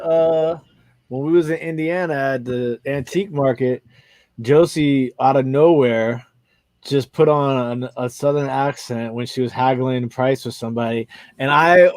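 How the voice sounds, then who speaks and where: A man's voice: mid-range voice, no room sound. A man chatting casually about reselling, telling stories in a rambling way with many fillers. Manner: rambling storyteller, filler-heavy. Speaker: reseller host.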